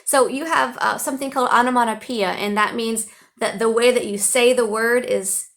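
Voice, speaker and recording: An American woman who teaches English online shares upbeat, chatty tips into her phone for a casual vlog, throwing in playful animal-sound imitations. Her voice is on the high side, steady and a bit bright, at a moderate pace.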